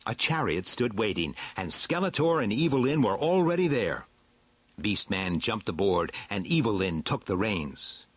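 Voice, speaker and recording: A man reading a storybook aloud with a slow, dramatic, swooping delivery. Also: fairly low pitch, big pitch swings, slightly rough, no echo. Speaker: narrator.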